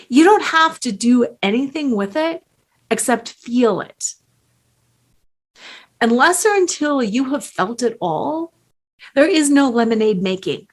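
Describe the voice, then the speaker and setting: A middle-aged woman coach giving a slow, earnest motivational talk with strong emphasis. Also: fairly high pitch, lively intonation.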